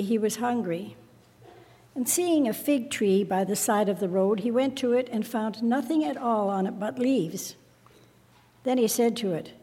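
A woman reading a scripture passage aloud in a measured, careful way during a service. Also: a little high, dark tone, in a large hall. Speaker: scripture reader.

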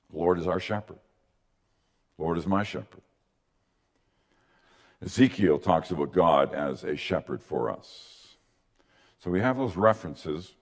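A man preaching a conversational teaching sermon to his congregation, often checking in with the listeners with little tag questions. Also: medium pitch. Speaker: pastor.

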